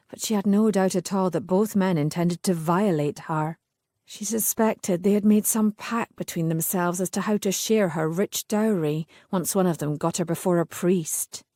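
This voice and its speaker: Low, mellow-voiced woman narrating. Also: normal speed, dry recording, clean studio sound. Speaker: audiobook narrator. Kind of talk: scripted narration.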